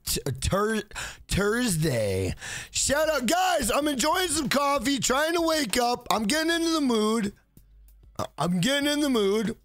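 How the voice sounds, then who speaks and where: A young man livestreaming a game, shouting hyped shout-outs and telling profane stories in a loud casual chat. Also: very high voice, big pitch swings, measured pace, no room sound, soft background music.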